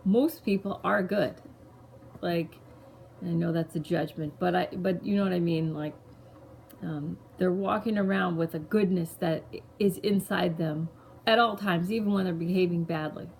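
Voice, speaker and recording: A woman's voice: fairly low pitch, fairly even intonation, normal speed, vocal fry, darkish tone, a little hiss or hum. A mother talking loosely and conversationally about her family, often circling back to restart a thought. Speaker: mother sharing a parenting story. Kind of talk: casual personal storytelling to camera.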